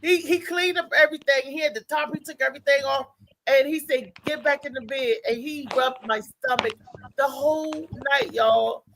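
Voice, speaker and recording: A woman's voice: high-pitched, moderate pace, a bit bright, slight background noise, poor audio. A woman co-host animatedly telling a story in casual chat, laughing as she goes.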